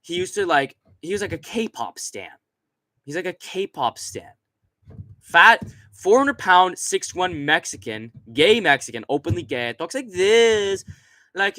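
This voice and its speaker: Young guy streaming, crude rambling chat, bright sharp voice, super dry sound. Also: on the high side, dry recording. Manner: crude, rambling, laughs often; reads out chat messages. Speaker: streamer host. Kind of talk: casual live-stream chat.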